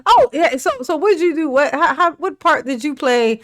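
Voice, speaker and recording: A woman's voice: sits high, lively intonation, moderate pace. A woman hosting a casual reaction commentary, sarcastic and mocking, laughing often and swearing freely. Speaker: commentary host.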